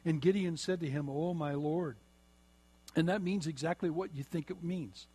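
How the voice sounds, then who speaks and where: A middle-aged man preaching a sermon, slowing down and repeating phrases for emphasis. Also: a little high, dark tone, breathy edge. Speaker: pastor.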